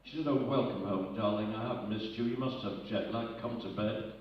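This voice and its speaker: Rambling comedian in an echoey hall. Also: male voice, lowish voice, normal speed, a little hiss or hum. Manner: rambling, loses his place, chuckles at his own jokes. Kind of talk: live stand-up joke telling. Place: live arts centre stage with audience. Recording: echoey, muffled hall recording from far off.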